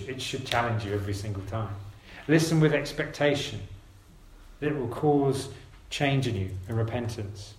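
Male preacher, mid-pitched, earnest and gentle exhortation, roomy church sound. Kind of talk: sermon.

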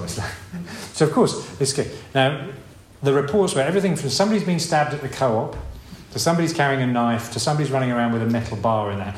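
Chatty preacher in a roomy hall. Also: male voice, mid-range voice, quick pace, few pauses, slight background noise. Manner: conversational, rambling with restarts and asides. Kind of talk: informal sermon. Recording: roomy hall with faint ambience.

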